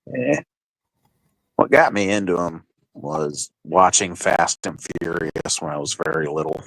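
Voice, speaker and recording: Young man from the States, deep, relaxed, a little tipsy. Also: unhurried, vocal fry, no echo, low-quality recording. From United States. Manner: laid-back, chatty, swears casually. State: tipsy from drinking. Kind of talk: casual livestream chat.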